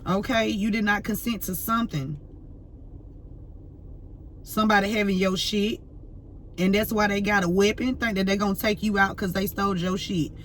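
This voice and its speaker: A woman's voice: medium pitch, steady tone, moderate pace, long pauses, a little hiss or hum. A woman tarot reader ranting to camera, fiery and profane, full of slang and repeating herself as she vents. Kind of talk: heated unscripted rant to camera.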